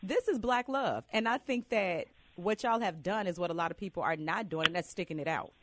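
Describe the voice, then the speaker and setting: A woman's voice: on the low side, fairly quick, noisy background. A woman radio host from Chicago, interviewing a guest in an enthusiastic, chatty and friendly way. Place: radio studio.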